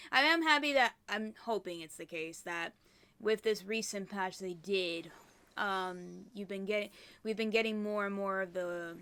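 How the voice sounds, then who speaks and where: A woman's voice: medium pitch, a bit bright. A woman giving casual gameplay commentary, chatty and often dropping into murmured, whispered asides. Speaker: let's play creator.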